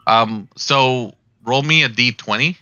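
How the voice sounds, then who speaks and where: Man game master, very bright tone. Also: mid-range voice. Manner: rambling, halting narration. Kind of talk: narrating a tabletop game. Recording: dry, dull lo-fi mic.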